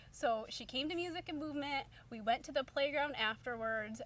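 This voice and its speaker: A woman's voice: high voice, fairly quick, hardly any pauses, fairly bright tone. A woman in her thirties, a stay-at-home mom, telling a story to camera in a chatty, upbeat way full of fillers. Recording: distant mic, faint background hum.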